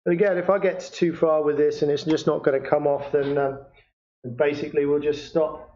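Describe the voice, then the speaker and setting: A man talking through a picture framing job step by step in a workshop, unhurried and hesitant, with many fillers. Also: fairly high pitch, level tone, a little mellow. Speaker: picture framer demonstrating. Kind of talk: hands-on workshop demonstration. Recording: echoey room, dull lo-fi sound.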